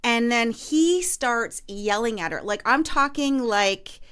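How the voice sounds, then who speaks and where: A woman's voice: fairly high pitch, lively intonation, takes it slowly, fairly bright tone, clean tone. Chatty woman realtor telling a story. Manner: chatty, lots of fillers and restarts. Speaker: podcast host and realtor. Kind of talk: casual storytelling chat.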